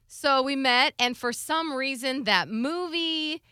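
A woman in her thirties, a radio morning show co-host, telling a story in casual podcast chat, animated and laughing often. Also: sits high, slow pace, no room sound, studio quality.

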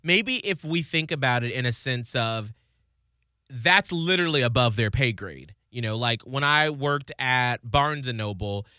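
Bright, crisp-voiced man chatting. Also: unhurried, dry recording, studio quality. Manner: animated, laughs often, slips into high quoted voices. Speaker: podcast co-host. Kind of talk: casual chat.

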